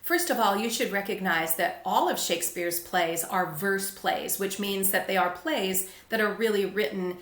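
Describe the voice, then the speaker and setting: A woman teaching a literature lesson, explaining patiently and clearly. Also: mid-range voice, normal speed, hardly any pauses, fairly bright tone, reverberant. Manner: clear, patient explaining, with brief read-aloud quotes.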